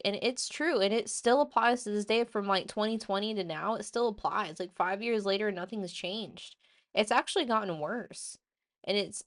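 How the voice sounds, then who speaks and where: A woman hosting a casual opinion show, ranting in an animated, blunt way with plenty of swearing. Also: medium pitch, clear, resonant tone. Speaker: host.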